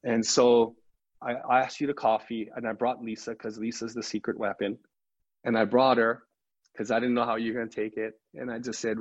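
Husky middle-aged pastor telling a story. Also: male voice, mid-range voice, normal speed. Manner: animated storyteller who acts out quoted dialogue. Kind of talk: storytelling in a podcast interview. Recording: slightly muffled lo-fi recording.

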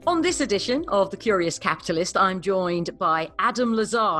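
A woman hosts a business podcast. She opens with a read introduction, then moves into easy, chatty questions for her guest. Faint music sits under her voice, which has an average pitch for a woman. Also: animated, normal speed, fairly bright tone. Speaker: podcast host. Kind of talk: podcast interview.

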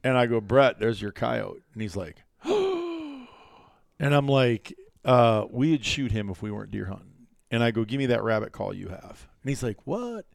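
On a casual hunting podcast, this co-host speaks a little fast in a lowish, gravelly voice, animatedly telling stories and performing other people's lines. The sound is clean studio audio with no echo.

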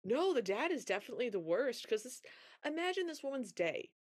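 A woman's voice: on the high side, fairly quick, breathy edge. A woman co-hosting a podcast, casually recapping a film and acting out the characters' lines as she tells it. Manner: animated storytelling, acting out quotes. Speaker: podcast co-host.

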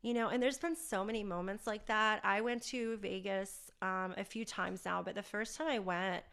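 A woman's voice: mid-range voice, fairly even intonation, moderate pace, vocal fry, fairly bright tone, smooth. A woman hosting a podcast, telling a personal story candidly and with animation. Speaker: podcast host.

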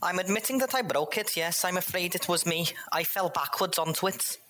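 An over-polite troubleshooter, put on by a player speaks in a lifted, earnest voice. He is eager to please and quick to accept any blame. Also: mid-range voice, a bit bright, slight background noise, pitched above the performer's own voice, close to an everyday voice.

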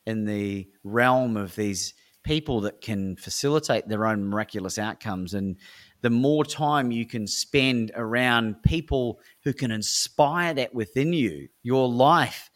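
A man's voice: medium pitch, unhurried. An Australian man, a speaker and coach, telling stories energetically as an interview guest and acting out dialogue. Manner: energetic, acts out dialogue, frequent restarts. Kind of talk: animated interview storytelling.

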